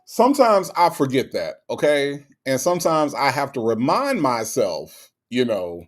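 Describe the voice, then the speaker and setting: Animated man hosting a live stream. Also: mid-range voice, measured pace, soft background music. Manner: animated, rhetorical questions, repeats himself; slangy, conversational. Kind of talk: casual live commentary reading chat.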